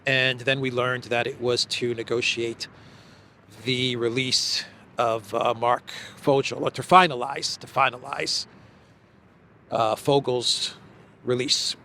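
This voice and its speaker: A man hosting a solo news commentary show, talking haltingly with many restarts and fillers, leaning hard on key phrases. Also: mid-range voice, flat delivery, vocal fry, pushed and bright, a little hiss or hum. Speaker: political commentary host.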